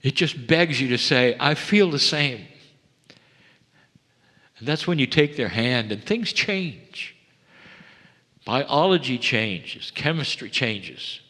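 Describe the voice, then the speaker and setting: A man's voice: medium pitch, animated. Man channeling a spiritual message in a reverberant hall. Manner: measured, intimate delivery that sinks to hushed tones. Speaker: channeler addressing a seminar. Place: seminar hall.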